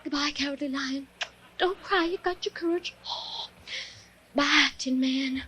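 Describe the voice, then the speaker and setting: A wide-eyed young farm girl speaks softly and wistfully, as a woman acts her out. Her voice is very high, and a heavy hiss sits under the recording. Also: takes it slowly.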